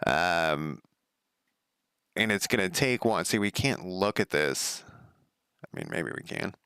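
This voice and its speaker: A man's voice: low voice, animated, slow pace, bright, forceful tone, clear, resonant tone, no room sound, clean studio sound. A middle-aged man giving casual, rambling commentary as he codes a game, talking to himself and laughing at his own slips. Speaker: game developer streaming his coding. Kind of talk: casual live coding commentary.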